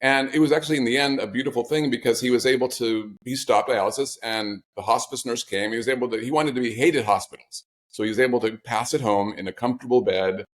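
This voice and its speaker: A man's voice: medium pitch, fast talker, few pauses. Man telling caregiving stories, wry. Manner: reflective storytelling with wry humor. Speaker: author guest. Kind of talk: conversational interview.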